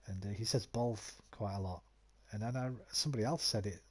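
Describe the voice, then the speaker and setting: A man's voice: on the low side, brisk, a little mellow, slightly rough. A man with a West Midlands accent giving casual, rambling commentary while streaming a game, swearing freely. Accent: West Midlands English.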